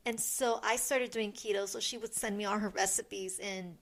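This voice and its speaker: Middle-aged woman, podcast co-host, gravelly, soft and halting. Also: medium pitch, fairly even intonation. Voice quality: soft, halting, many restarts. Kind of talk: casual chat.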